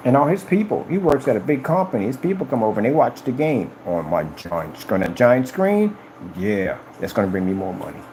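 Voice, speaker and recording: A man talking casually on a live stream about his company's products, boastful and animated, often acting out conversations in a raised voice. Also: brisk, hardly any pauses, slight background noise, low-quality recording. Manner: animated, boastful, retells conversations in high-pitched quoted voices.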